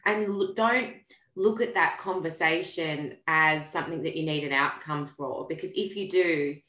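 A woman's voice: sits low, moderate pace, pushed and bright, echoey room, low-quality recording. A woman hosting a podcast, speaking in a reflective, conversational way. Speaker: podcast host. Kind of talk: casual podcast talk.

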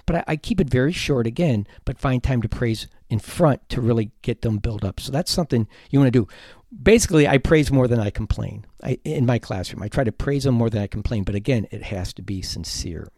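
A man's voice: mid-range voice, mellow, no echo, studio quality. A man, a teacher hosting an advice podcast, talking earnestly and emphatically, at times heated.

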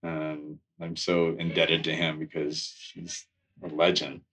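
Deep, flat-voiced man, distant mic. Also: slow pace, slightly rough. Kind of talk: interview tribute.

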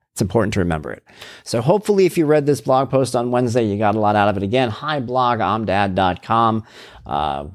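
Give me a reflective man hosting a personal monologue, deep and dry. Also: no room sound. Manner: reflective and open, with frequent fillers and restarts. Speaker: blogger and podcast host.

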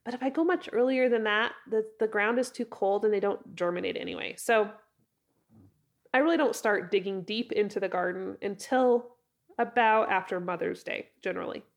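Female podcast host, mid pitch, hoarse and gravelly from a cold, chatty and rambling solo talk. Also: moderate pace. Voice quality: raspy, froggy. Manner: chatty, rambling, self-correcting with laughs.

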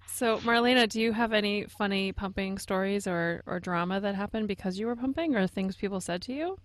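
A woman's voice: medium pitch, a little fast, no echo. A woman hosting a casual chat, playful and asking a guest questions.

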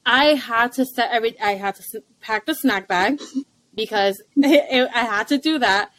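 Young mom co-host, high-pitched and lively, blunt casual talker, dry mic. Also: female voice, moderate pace, dry recording. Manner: animated, laughs often, blunt. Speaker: podcast co-host, stay-at-home mom. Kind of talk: casual chat.

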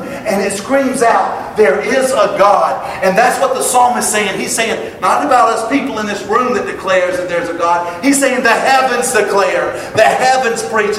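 A man preaching a sermon to his congregation, emphatic and building to loud exclamations. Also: sits high, far from the mic, slight background noise. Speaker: pastor. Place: church sanctuary. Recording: echoey hall, picked up from afar.

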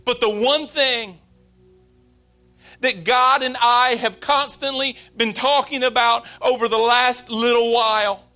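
Pastor in his late 30s, sermon, very high voice, slow, heartfelt delivery. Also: steady tone, sharp tone, faint music behind. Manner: earnest, confessional, slow and emphatic.

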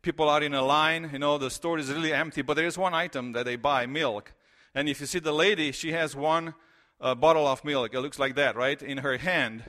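Speaking briskly with fairly even intonation, this middle-aged man from Romania delivers a sermon in church as a pastor, his Romanian accent clear. He tells stories in a conversational way laden with fillers, his slightly high voice sounding pushed and bright.

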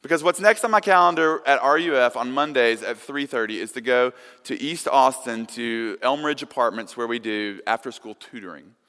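A man preaching a sermon, earnest, his volume swinging from hushed to loud. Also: medium pitch. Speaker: pastor. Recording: long reverb of a large hall.

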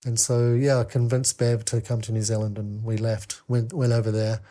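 A man telling a candid personal story as a podcast guest, halting with many fillers and restarts. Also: mid-range voice, level tone, mellow.

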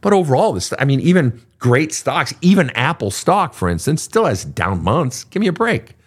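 Male host, middle-aged, blunt and profane, lively pitch. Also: moderate pace, breathy edge. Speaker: podcast host, coach. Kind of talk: casual advice talk.

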